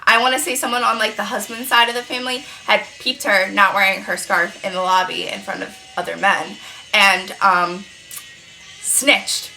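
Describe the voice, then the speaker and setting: Doing her own makeup, a freelance makeup artist in her twenties recounts a client story with lots of chatter, swearing and energy. Her voice sits at a medium pitch.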